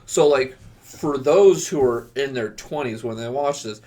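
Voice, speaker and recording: A man co-hosting a casual chat, telling stories in an animated way and laughing often. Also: medium pitch, measured pace. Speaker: podcast co-host.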